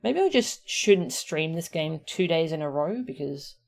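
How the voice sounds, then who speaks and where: A woman's voice: low voice, lively intonation, a little slow, creaky, a little mellow. A woman game streamer chatting casually with her viewers and her cats, her voice sore from streaming. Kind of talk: casual live-stream chat.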